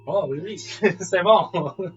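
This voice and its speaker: A man's voice: mid-range voice, normal speed, far from the mic, slight background noise, lightly acted. A man voicing a middle-to-late aged male French academic in a playful put-on French voice, often breaking into laughter. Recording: dull lo-fi recording with faint music.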